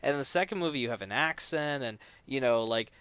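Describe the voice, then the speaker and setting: Speaking in an expressive, brisk, clean mid-range voice with no room sound, a podcast guest describes making films with no budget. He rambles, restarts frequently and loudly acts out the dialogue he quotes.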